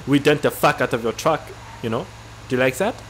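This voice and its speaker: A man's voice: medium pitch, expressive, a little fast, a bit bright, slight background noise, close to an everyday voice, poor audio. A man voicing a smug, taunting male deer with a mock German accent that sneers and gloats.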